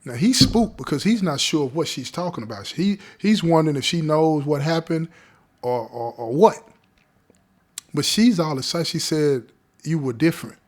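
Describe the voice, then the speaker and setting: A man's voice: a little high, expressive, moderate pace, darkish tone. Slangy man telling a story. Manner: conversational, checks in with listeners; street slang. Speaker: podcast host telling a story. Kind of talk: casual spoken storytelling.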